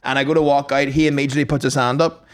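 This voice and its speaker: A young man, telling a sweary, animated story on a casual podcast and acting out both sides. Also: medium pitch, racing. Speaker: podcast co-host.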